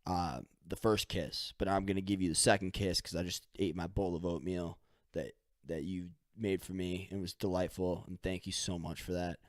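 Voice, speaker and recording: A man voicing a gruff long-married husband with a mustache and a short temper, who blusters and shouts when annoyed. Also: sits low, level tone, normal speed, no echo, clean studio sound, natural voice. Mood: pompous.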